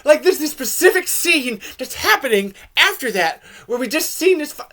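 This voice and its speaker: A man hosting a podcast, reviewing a film in a casual, profane and rambling rant that turns excitable. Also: very high-pitched, moderate pace. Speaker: podcast host.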